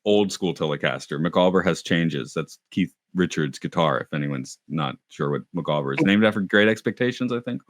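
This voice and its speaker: A man's voice: sits low, animated, normal speed, few pauses, dry recording, clean studio sound. A man co-hosting a podcast in casual chat, talkative, often laughing and restarting his sentences. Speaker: podcast co-host.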